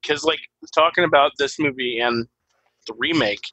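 A man's voice: mid-range voice, normal speed, bright, forceful tone, dry recording, low-quality recording. A man co-hosting a podcast, chatting about movies in an easygoing, joking way. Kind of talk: casual movie-discussion chat.

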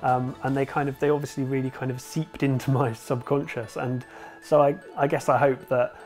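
A man's voice: mid-range voice, level tone, normal speed, a little mellow, soft background music. A man, an illustrator, reflecting in a casual interview with frequent hesitations. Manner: hesitant, many fillers.

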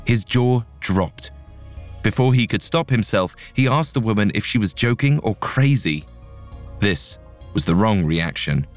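A man narrating a scripted story in a measured, dramatic way. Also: fairly low pitch, expressive, soft background music.

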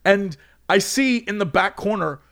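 Young man, high voice, lively storyteller, laughs through his own mishaps. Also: unhurried, gravelly. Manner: animated, laughs often, acts out quotes. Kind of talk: casual anecdote.

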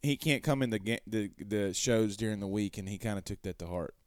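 A man's voice: fairly low pitch, brisk, smooth, no echo, clean studio sound. A man hosting a sports talk show, reading viewer comments aloud and rambling conversationally with rhetorical questions.

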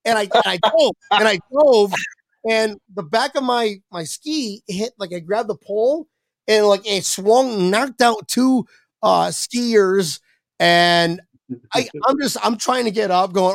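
Casual storyteller, young man, raspy edge, swears a lot, mid pitch, dead-dry sound. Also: slow, no room sound. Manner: rambling, animated, swears freely, voices his younger self. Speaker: podcast guest.

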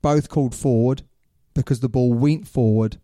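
A man's voice: medium pitch, normal speed, no room sound, studio quality. A man hosting a rugby talk show in casual, opinionated chat, calling his co-host mate. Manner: animated, opinionated, says "mate".

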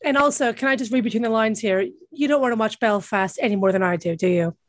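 A woman's voice: a little high, quick pace, no room sound. A young woman co-hosting a podcast, teasing and ranting with lots of laughter in casual chat. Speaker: podcast co-host.

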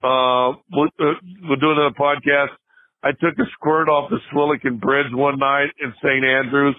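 A man's voice: mid-range voice, little pitch movement, normal speed. An older man, a guest on a podcast, telling a funny story in casual chat, with lots of restarts and laughter. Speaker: podcast guest, former basketball player. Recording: tinny phone-line sound.

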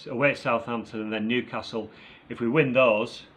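A man's voice: mid-range voice, fairly even intonation, fairly quick, fairly bright tone. A man co-hosting a casual football chat, reviewing a match in an upbeat, chatty way with plenty of fillers. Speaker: football podcast co-host.

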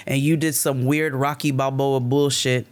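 A man telling a story in casual chat, animated and emphatic, swearing freely. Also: medium pitch, moderate pace. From United States.

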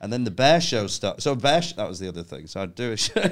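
A man's voice: lowish voice, very animated, quick pace, fairly bright tone. A man, a comedian guest, telling stories in casual chat, laughing often and acting out the people he quotes.

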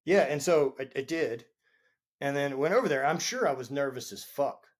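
A man's voice: medium pitch, lively intonation, moderate pace. A man guesting on a podcast, telling a story in a laid-back way and swearing freely. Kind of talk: casual chat.

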